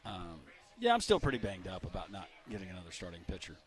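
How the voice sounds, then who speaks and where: A man's voice: low-pitched, huge pitch swings, fast talker. A married man co-hosting a sports radio show, joking and laughing easily in casual chat. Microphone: studio microphone.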